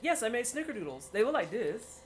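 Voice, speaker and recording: While baking on a live stream, a woman with a slightly high, very animated voice speaks fairly quickly. She laughs and exclaims often, keeping the chat with viewers giggly and teasing. Slight background noise is present.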